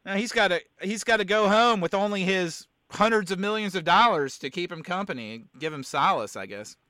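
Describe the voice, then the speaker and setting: A man with a high, bright, crisp voice talks through a sore throat in a loose sports chat. He rambles and loses his thread, then circles back. The sound is close and dry. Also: lively intonation, a little fast, no echo. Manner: rambling, keeps getting sidetracked. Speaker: podcast host.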